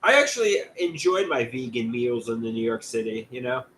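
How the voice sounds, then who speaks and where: A man's voice: medium pitch, sing-song, brisk, a bit bright, slight background noise. A man hosting a casual livestream, rambling and chatty as he reads out viewer comments and greets them by name. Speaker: livestream host.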